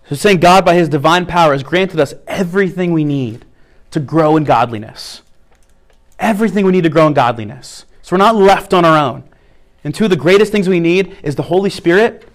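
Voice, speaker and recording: A male pastor giving a sermon, explaining practical steps and repeating key phrases as he teaches. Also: fairly high pitch.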